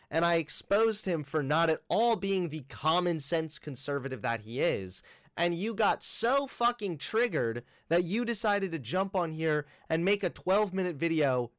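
A man commenting over clips on his own channel, sarcastic and mocking throughout. His voice sits a little higher than most men's and is recorded close and dry, with no room sound. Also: dry recording. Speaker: YouTube commentator. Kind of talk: reaction video commentary.

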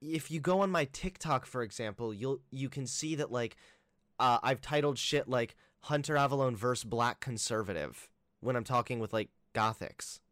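A man's voice: mid-range voice, lively intonation, normal speed, a bit bright, no echo, studio quality. A man hosting a reaction video, mocking the clips he plays with sarcastic asides. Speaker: YouTube commentator.

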